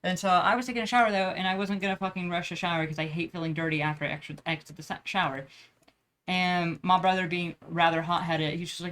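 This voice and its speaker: A woman's voice: fairly low pitch, fairly even intonation, quick pace, a bit bright. Young woman rambling through a story. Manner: profane, slangy, lots of filler words. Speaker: vlogger.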